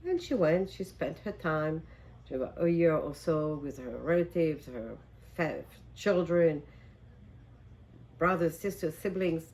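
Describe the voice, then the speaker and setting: A woman's voice: deep voice, a little slow, a little mellow, rough recording. A woman teacher telling a story to a class, hesitant, with fillers and restarts.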